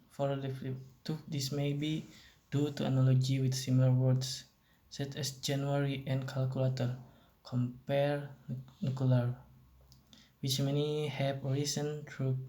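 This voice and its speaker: A young man with an Indonesian accent works slowly through an amateur class presentation. His voice is mellow and dark and stays flat. He hesitates, corrects himself and repeats words as he goes. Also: medium pitch. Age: young adult. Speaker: student presenter.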